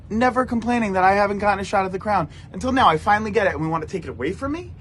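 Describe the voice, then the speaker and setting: A man's voice: sits high, rapid-fire, hardly any pauses, fairly bright tone, a little hiss or hum. A man cutting a theatrical, mock-outraged wrestling-style promo, with mouth sound effects, as a podcast regular.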